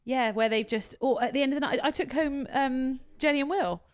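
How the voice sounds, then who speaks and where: A woman co-hosting a podcast in a casual chat, blunt and animated, telling stories full of quoted dialogue. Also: sits high, brisk, clear, resonant tone. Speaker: podcast co-host.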